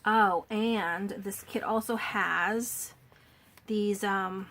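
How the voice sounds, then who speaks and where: A woman's voice: medium pitch, fairly even intonation, extremely slow, fairly bright tone. A woman walking through a handmade journal she made, gushing over each page with many fillers and restarts, her voice a little worn. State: slightly losing her voice. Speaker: crafter showing a handmade journal. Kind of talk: casual show-and-tell walkthrough.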